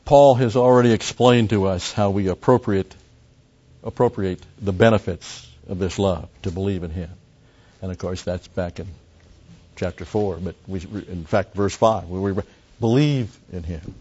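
Low-voiced preacher. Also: male voice, mellow, husky, dull audio. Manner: deliberate, pausing, with emphatic rises. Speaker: pastor. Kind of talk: expository sermon.

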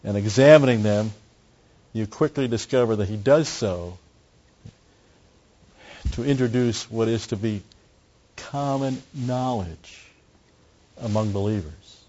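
Low, mellow-voiced man teaching Scripture. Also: slow pace, pauses often. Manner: emphatic, repeats key phrases. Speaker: Bible teacher. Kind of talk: expository Bible teaching. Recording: dull lo-fi recording.

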